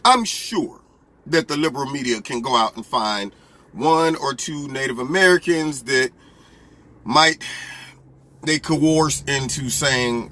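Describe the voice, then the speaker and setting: A man giving opinionated political commentary in an animated, argumentative way, full of rhetorical questions. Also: mid-range voice, slow pace, a little hiss or hum.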